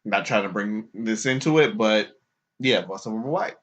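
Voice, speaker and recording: A man hosting a podcast, telling a story casually and putting on high mocking voices for the people he quotes, laughing often. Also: animated, moderate pace, fairly bright tone. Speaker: podcast host. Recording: dull lo-fi podcast recording.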